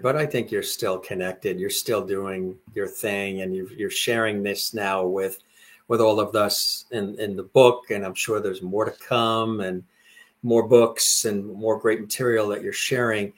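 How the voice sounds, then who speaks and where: A man's voice: fairly low pitch, steady tone, a little slow. A man hosting an interview, asking long, affirming, rambling questions. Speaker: interview host.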